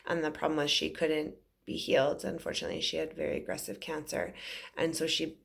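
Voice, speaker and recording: A woman's voice: deep voice, very animated, fairly quick, gravelly. A woman in her forties, a psychic medium, telling an emotional story to camera in an earnest, rambling way with many fillers. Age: 40s.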